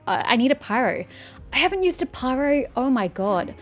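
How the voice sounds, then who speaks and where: A woman's voice: high-pitched, moderate pace, faint music behind. A young woman commentating animatedly while playing a video game, reacting with surprise and laughter. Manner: animated, swears and laughs at the story. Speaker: game streamer. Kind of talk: let's play commentary.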